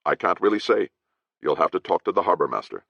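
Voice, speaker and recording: A man's voice: sits low, big pitch swings, quick pace, creaky, no echo, voice pushed up, full character voice. A man voicing a loyal, cautious male harbor guard with old-fashioned speech, talking in a confiding way, in a dry, slightly dull recording.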